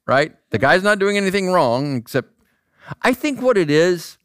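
Out in a square, a man delivers a casual, conversational sermon, animatedly asking rhetorical questions and acting out voices. His voice is high and clean with no echo, at a moderate pace.

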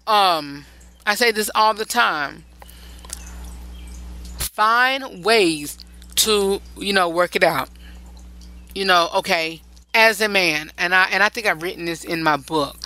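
A woman with a fairly low, sharp-toned voice hosts a relationship advice show, recorded with poor audio. She talks casually and loosely, repeating phrases to drive her points home, often rambling and starting over.

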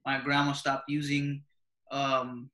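A young man hosting a podcast tells stories in a laid-back, slang-heavy way, laughing often during casual chat. His medium-pitched voice is sharp, monotone, and slow, and the recording sounds roomy.

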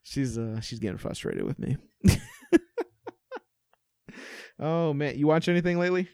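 Man, podcast co-host. Profane, teasing, laughs often, slightly high with a lively swinging pitch, dry mic. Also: unhurried, clean tone. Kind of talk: casual chat.

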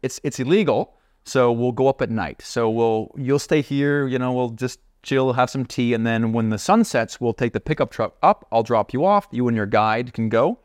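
A man's voice: mid-range voice, normal speed, no room sound, studio quality, lightly acted. A man doing an easygoing rural innkeeper. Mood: casual.

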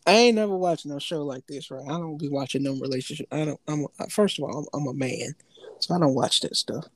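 A man co-hosts a casual podcast chat, telling stories in loose slang and laughing often. He talks fast in a fairly high voice. The recording is dry.

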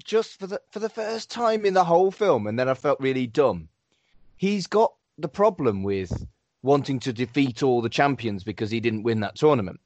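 A man's voice: mid-range voice, animated, normal speed, a little mellow, no echo. A man in his forties chatting casually on a podcast, wry and self-mocking, swearing freely. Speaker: podcast co-host. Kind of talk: casual chat.

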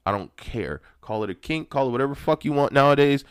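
A man hosting his own podcast, telling personal stories in a ranty, profane, animated way that gets loud when he is excited. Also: medium pitch, fairly quick, smooth, dry recording, clean studio sound. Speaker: podcast host. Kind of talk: ranty personal storytelling monologue.

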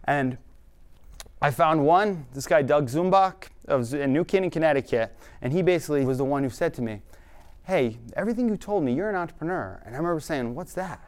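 A young man with a slightly higher voice, talking fast and earnestly through a personal story. He gives the odd self-aware laugh as he goes. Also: lively intonation, darkish tone. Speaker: speaker telling his life story.

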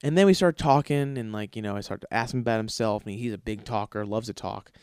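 A man's voice: on the low side, fast talker, darkish tone, smooth, dry recording, studio quality. A man hosting a podcast, telling a long story casually with lots of swearing and fillers, acting out the lines of the people in it. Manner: profane, rambling, filler-heavy; acts out quoted dialogue. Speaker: podcast host.

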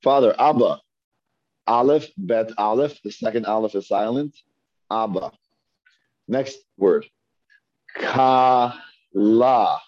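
A man teaching a Hebrew reading class, patiently repeating words slowly and asking his students questions. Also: lowish voice, no room sound. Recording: dull lo-fi dry recording.

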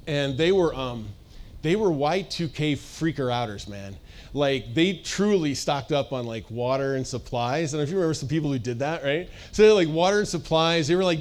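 Chatty high-voiced pastor. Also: male voice. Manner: chatty, playful, lots of "like" and "you know". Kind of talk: casual, joking sermon.

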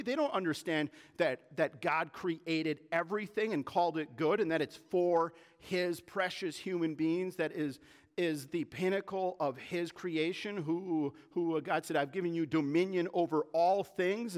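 A man preaching a sermon as pastor, talking casually and getting worked up in quick, indignant bursts. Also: fairly high pitch. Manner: animated, gets worked up, fast bursts of indignation. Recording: long hall reverb.

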